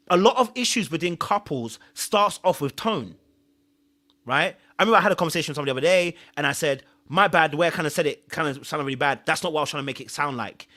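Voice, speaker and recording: Male live-stream host; casual, earnest, repeats points; a bright, tense voice. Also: fairly high pitch, quick pace. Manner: chatty, repeats himself, thanks viewers often; earnest advice-giving. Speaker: show host reviewing a reality series. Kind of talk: live-stream recap chat.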